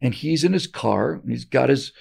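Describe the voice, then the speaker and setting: A man's voice: mid-range voice, lively intonation, normal speed, vocal fry, darkish tone, slightly rough. A man hosting a show, giving emphatic political commentary and often repeating words as he restarts. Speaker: show host.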